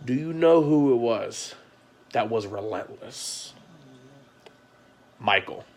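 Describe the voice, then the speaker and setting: A man in an ordinary middle pitch speaks straight to his audience in a confessional monologue. His voice jumps from loud outbursts to hushed, low passages. He keeps restarting his sentences and swears bluntly while he recounts what happened. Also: lively intonation, slow pace. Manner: agitated storytelling, voice rising and falling sharply; frequent restarts and profanity. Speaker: vlogger.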